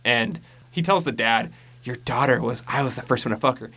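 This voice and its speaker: A man's voice: medium pitch, a little fast, pushed and bright, husky. A man casually recapping a horror movie on a podcast, rambling and profane, mocking the plot and mimicking lines. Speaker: podcast co-host.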